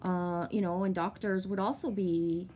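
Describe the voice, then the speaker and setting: This vlogger, a woman in her thirties, swears often and relies on fillers while telling a long story about her life. Her voice is fairly low and warm, with fairly even intonation and a measured pace. Faint music plays behind her.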